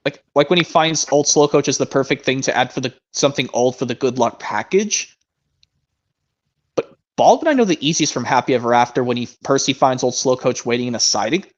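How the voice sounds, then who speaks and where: A young man chats on his stream in a hesitant, rambling way, often restarting his sentences. His pitch is lively and wanders up and down, and his mic sounds dull and lo-fi. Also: brisk. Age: young adult. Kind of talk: casual chat.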